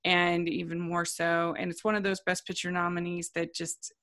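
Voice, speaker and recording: A woman with a somewhat low voice, speaking in a measured, reflective way as she weighs in on a film. She chats casually, with a few small restarts. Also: monotone, a bit bright. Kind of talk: casual movie discussion.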